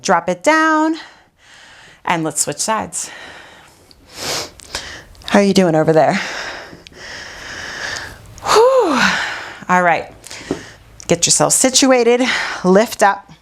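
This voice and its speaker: A woman's voice: fairly low pitch, lively intonation, slow, pauses often. A woman pilates instructor guiding a workout while doing it herself, out of breath and sighing between cues.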